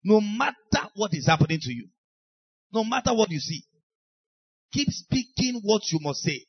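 A Nigerian-accented male pastor preaching with emphasis, his voice sitting a little high. He slips into the voices of the people he quotes. The sound is dry and a bit dull, like a lo-fi recording. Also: big pitch swings, normal speed, breathy edge, no room sound. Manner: emphatic, acts out quoted speakers. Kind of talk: sermon.

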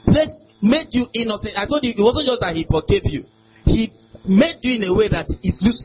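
A man preaching a sermon, emphatic and sing-song, with sudden shouts. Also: very high-pitched, slight background noise, poor audio.

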